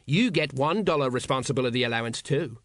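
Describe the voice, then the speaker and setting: A stout, nervous middle-aged sergeant, as a male reader puts him on, speaking near the reader's own pitch with a grumbling, reluctant edge. The sound is close and dry. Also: animated, fast, fairly bright tone, no echo, natural voice.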